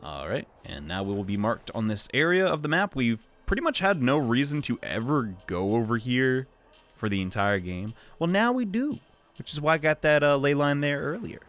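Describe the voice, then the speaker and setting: A young man narrating his game run in a casual, chatty way. His pitch swings widely as he jokes and reacts. He wanders into rambling asides between exclamations. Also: very animated, normal speed, a bit bright. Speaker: let's play host. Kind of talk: casual gameplay commentary.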